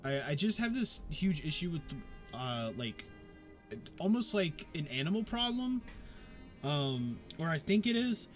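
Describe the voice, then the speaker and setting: Brief: man voicing a weary male tavern keeper, halting, lively pitch. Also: soft background music. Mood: hesitant. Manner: halting, hesitant speech.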